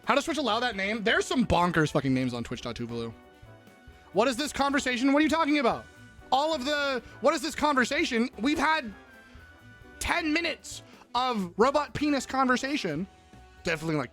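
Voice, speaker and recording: A man's voice: very high voice, sharp tone. A young man live-streaming in casual chat, crudely joking and riffing on messages from his viewers.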